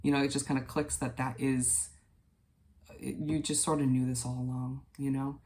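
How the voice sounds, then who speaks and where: Gravelly, even-toned man reading tarot. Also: mid-range voice, a little hiss or hum. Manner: gentle, reassuring, unhurried with fillers. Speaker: tarot reader. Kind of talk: casual tarot reading to viewers.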